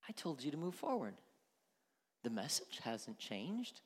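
A male pastor preaching a sermon in a church, animated and dramatic, sometimes dropping to near-whispers. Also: on the high side, unhurried, slightly rough. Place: church sanctuary. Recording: long church reverb.

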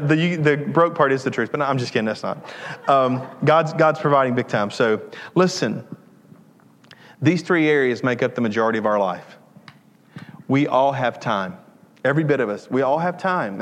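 A man's voice: medium pitch, in a large hall. A male pastor preaching a sermon with earnest, repetitive emphasis and joking asides. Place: church sanctuary.

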